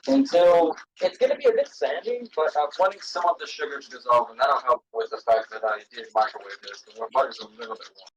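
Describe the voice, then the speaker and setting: A man's voice: medium pitch, a little fast, hardly any pauses, far from the mic, dull audio, noisy background. A man explaining each step as he cooks on a live stream. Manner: explanatory, relaxed instructions. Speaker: streamer cooking on camera. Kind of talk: cooking demonstration.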